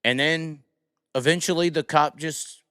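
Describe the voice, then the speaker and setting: A man's voice: fairly high pitch, measured pace, clear, resonant tone, no room sound, studio quality. A man hosting a casual live stream, telling a rowdy story with lots of cursing and acted-out voices. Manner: animated, profane, acts out the people in his story. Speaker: podcast host.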